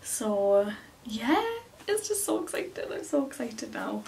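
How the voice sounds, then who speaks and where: A woman's voice: fairly high pitch, big pitch swings, takes it slowly, a little mellow. A young woman talking casually to the camera from a small cluttered room at home, chatty and full of fillers, retelling what people said. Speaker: vlogger. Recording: slightly distant with faint room noise.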